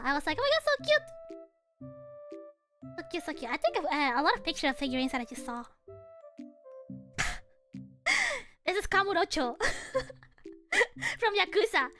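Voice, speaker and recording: Very high-pitched, bright young woman streamer. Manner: animated, giggly, swears casually. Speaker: VTuber streamer. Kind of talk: casual livestream chat over travel photos.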